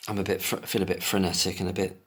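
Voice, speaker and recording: A man with a deep voice and little pitch movement talks fast in a solo commentary. He reads an article aloud, then breaks off into emotional, indignant rants laced with swearing.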